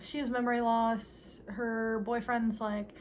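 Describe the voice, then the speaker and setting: A woman's voice: fairly high pitch, little pitch movement, unhurried, slight background noise. A young woman casually recapping a movie with sarcastic, giggly commentary, playfully mimicking the characters' lines.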